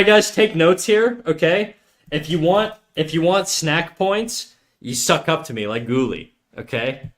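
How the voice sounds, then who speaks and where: A man's voice: a little high, a bit bright. A young man streaming while drawing, chatting with viewers in a joking, ranting way with lots of swearing. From United States. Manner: ranting, joking, heavy swearing, mock outrage.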